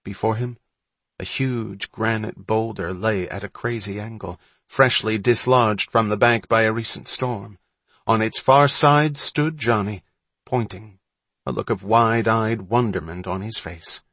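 A man with a fairly low voice reads a children's adventure story in steady, measured narration. The recording is close and dry, with no room sound. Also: dry recording. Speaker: audiobook narrator. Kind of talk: scripted narration.

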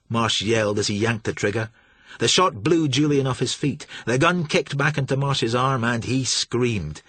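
A man reading a novel aloud as an audiobook narrator, measured and steady. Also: medium pitch, breathy edge, no echo.

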